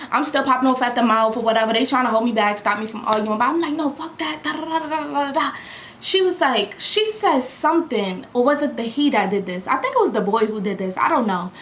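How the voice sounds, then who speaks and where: Animated young woman telling a story, echoey room. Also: on the high side. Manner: animated, slangy, acts out quotes loudly. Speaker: vlogger. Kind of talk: storytime vlog. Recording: echoey room with faint background hum.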